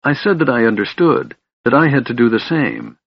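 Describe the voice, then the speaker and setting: A man's voice: mid-range voice, wildly swooping pitch, moderate pace, gravelly, husky, no echo, pitched above the performer's own voice, heavily acted. A man reading the part of a secretive young female wilder elf, earnest and pleading, in an audiobook. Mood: tender. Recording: muffled lo-fi recording.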